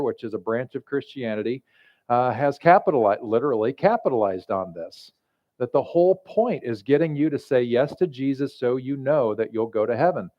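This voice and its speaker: A male pastor giving a sermon in a conversational, joking storytelling manner, in a slightly muffled recording. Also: medium pitch.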